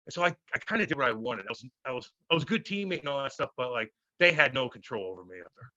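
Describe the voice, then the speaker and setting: A man in his thirties, a former hockey player, telling stories loudly and profanely in a casual interview. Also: mid-range voice, rapid-fire, no room sound, highs cut off. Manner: loud, profane, animated storytelling.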